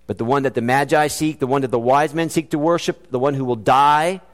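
A man preaching a sermon in a church, earnest and animated, mixing scripture references with joking asides. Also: mid-range voice, fairly quick. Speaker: pastor. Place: church sanctuary. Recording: long hall reverb.

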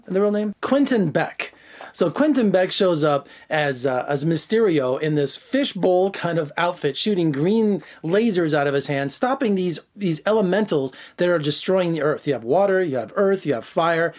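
A man giving an enthusiastic, rambling spoken film review, full of "you know" fillers and restarts. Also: on the high side. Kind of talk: spoiler-free movie review vlog.

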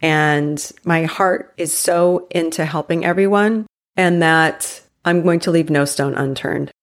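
A woman in her forties hosting a solo motivational podcast, chatty and emphatic, slowing down to stress her key points. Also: low voice, fairly even intonation. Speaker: podcast host.

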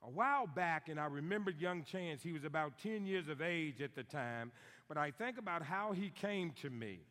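A middle-aged man preaching a sermon in a church, emphatic and repeating key lines slowly for stress. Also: a little high, expressive, a bit bright. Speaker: guest preacher on fathering. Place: church sanctuary. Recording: long hall reverb.

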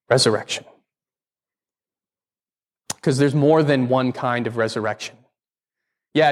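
Conversational pastor preaching in a reverberant church. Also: male voice. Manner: conversational, varies pitch for emphasis. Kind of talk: sermon. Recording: church hall with long reverb.

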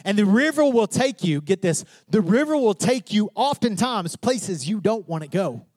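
A man's voice: sits high, big pitch swings, moderate pace, darkish tone, dry recording. A pastor preaching to his congregation, asking questions and building to fervent emphasis. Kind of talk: sermon.

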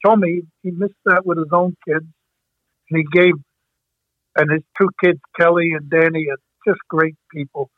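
The dry, tinny, phone-like recording has no echo and captures an older man from Brooklyn, New York, a hockey coach reminiscing in a rambling way, often stopping and starting over. His voice is on the high side, with fairly even intonation and a moderate pace.

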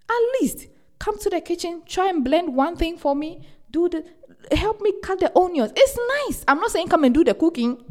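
A young woman hosting a podcast, giving casual relationship advice in an animated, emphatic way and repeating words for stress. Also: high-pitched. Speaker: podcast host.

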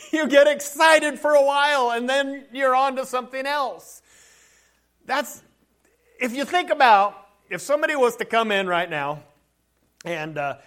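Chuckling high-voiced man preaching. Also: a bit bright. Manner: conversational preaching with chuckles and asides. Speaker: pastor. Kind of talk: sermon. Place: church.

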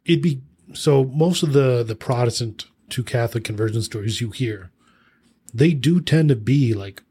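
Male podcast co-host, mid-pitch everyday voice, relaxed chat with a teasing edge. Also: normal speed, husky. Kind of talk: casual chat.

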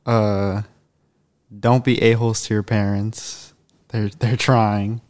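A man's voice: lowish voice, flat delivery, slow pace, a little mellow. A young man co-hosting a podcast, giving brief, easygoing replies in casual chat. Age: young adult. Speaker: podcast co-host.

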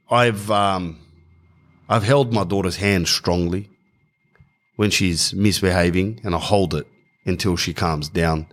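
Animated man telling a funny story. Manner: animated, mimics people with higher voices, swears casually. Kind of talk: storytelling comedy podcast chat.

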